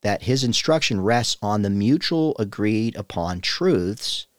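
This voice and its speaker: Casting: man, low voice, pastor giving Bible teaching, earnest and conversational, dry close recording. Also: dry recording. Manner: earnest, conversational, with many restarts.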